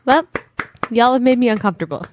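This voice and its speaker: A woman's voice: on the high side, fast talker, a little hiss or hum. A woman co-hosting a comedy podcast, speaking dryly and tersely. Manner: dry, deadpan, terse. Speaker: podcast co-host. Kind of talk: casual comedic chat.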